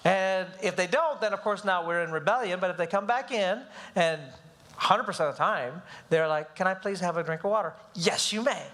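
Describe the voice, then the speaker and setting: A middle-aged man teaching a live church parenting class, animated and acting out whiny children's voices. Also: high voice, a little fast.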